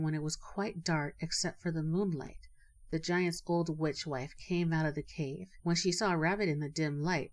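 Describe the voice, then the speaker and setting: A woman narrating a folk tale in a measured, expressive storybook reading. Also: deep voice.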